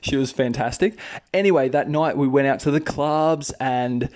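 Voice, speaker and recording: An Australian man in his thirties, a podcast host and English teacher, telling a personal story in a chatty, animated way. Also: moderate pace. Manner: chatty, animated, raises pitch for quoted voices. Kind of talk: casual storytelling.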